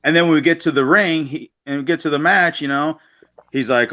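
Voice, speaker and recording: A man's voice: fairly high pitch, brisk, sharp tone. A man, a guest wrestler, telling a road story in casual chat, blunt and profane, acting out the other people in quotes. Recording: slightly dull lo-fi sound.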